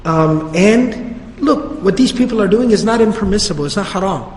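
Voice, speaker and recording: A man voicing a calm male community leader who reasons gently with an old friend in casual, slangy speech. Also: high voice, normal speed. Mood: persuasive. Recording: reverberant hall.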